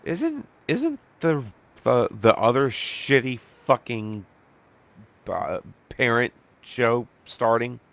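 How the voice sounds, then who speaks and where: A man's voice: medium pitch, big pitch swings, slow pace, gravelly, fairly bright tone. A man guesting on a podcast, speaking bluntly and swearing a lot in casual chat. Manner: blunt and profane.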